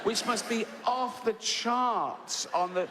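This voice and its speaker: A man's voice: extremely high pitch, takes it slowly. A man doing stand-up, telling a story with lots of acted-out voices. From England. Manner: animated storytelling, acts out voices. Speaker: stand-up comedian. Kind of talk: stand-up routine. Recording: reverberant hall, audience noise.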